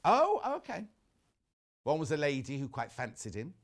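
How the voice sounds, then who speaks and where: Speaking a little high at a moderate pace, the middle-aged host of a shopping channel works from a TV studio. He's upbeat and gossipy, reading out viewer messages and chatting his way through the live TV sales pitch.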